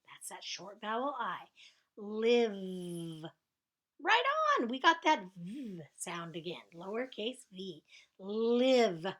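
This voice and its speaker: A woman teacher giving slow spelling dictation to young children, stretching out sounds and cheering them on. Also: mid-range voice.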